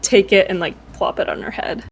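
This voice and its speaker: Woman player, mid-pitched, bubbly, faint hiss behind. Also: brisk, poor audio. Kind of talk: casual chat at a game table.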